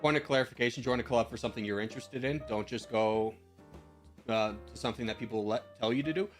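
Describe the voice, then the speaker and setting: A man in his twenties streams and chats loosely, handing out rambling advice full of slang and the odd swear. His voice sits at an ordinary middle pitch, and faint music plays softly behind him. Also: fast talker. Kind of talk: casual chat, answering viewer messages.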